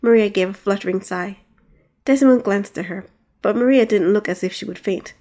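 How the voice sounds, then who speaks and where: A woman reads her own fantasy novel aloud as an audiobook. Her storytelling is expressive, at a middle pitch. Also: moderate pace. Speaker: author and narrator. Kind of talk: audiobook narration.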